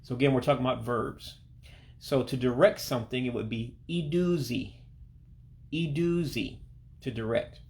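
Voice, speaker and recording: Guy doing a slow patient language lesson voiceover, kinda gravelly voice, says every word twice. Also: medium pitch, fairly even intonation. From Alabama, United States. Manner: patient, repeats each word slowly and carefully. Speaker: language teacher. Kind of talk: self-recorded language lesson. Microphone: voice-over to pictures and on-screen text.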